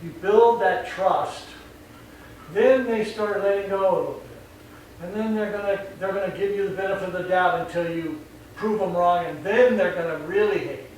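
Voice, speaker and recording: This male dog trainer talks at a moderate pace in a high but darkish voice, keeping things casual and lively and frequently doing voices in the middle of sentences. Sound is echoey and faintly noisy, picked up from a distant mic.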